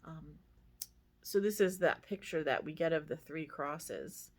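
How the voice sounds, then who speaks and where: A woman's voice: sits low, measured pace. A woman pastor giving a casual devotional reflection, talking conversationally with many fillers and asides.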